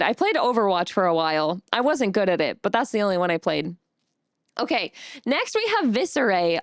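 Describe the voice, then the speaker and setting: Bubbly high-voiced woman streamer. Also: dry recording, studio quality. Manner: bubbly, greets chat by name, giggly. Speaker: vtuber streamer. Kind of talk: casual live-stream chat.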